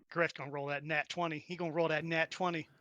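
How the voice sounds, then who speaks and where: Brief: bright, upbeat male game master, dry close mic. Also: on the high side, no room sound, muffled recording. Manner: playful, laughing. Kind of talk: running a tabletop game.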